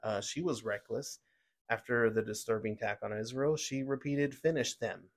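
Male podcast host, mid-pitched, heated opinionated news rant full of fillers. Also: normal speed. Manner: heated, ranting, with many fillers and restarts.

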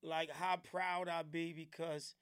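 A man from New Jersey, a radio host, chatting casually on a live stream and shouting out viewers with loud hype. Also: a little high, level tone, slow pace, slight background noise.

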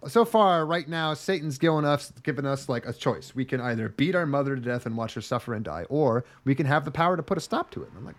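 A male podcast co-host riffing through an anime recap with animated, swearing humor. His pitch sits a touch high and swings widely, bouncing from deadpan to excited. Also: brisk, hardly any pauses. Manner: animated, profane, joking. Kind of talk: casual chat.

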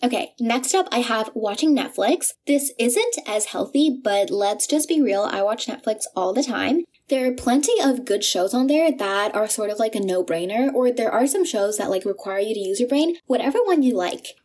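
A young woman hosting an advice podcast, talking quickly and casually with many fillers. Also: on the high side, expressive, darkish tone. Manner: chatty, fast, many filler likes. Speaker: podcast host.

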